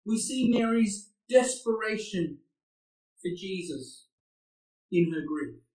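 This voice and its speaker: A man's voice: high voice, expressive, takes it slowly, darkish tone. A man preaching a sermon, earnest and asking his listeners rhetorical questions. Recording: echoey room, far from the mic.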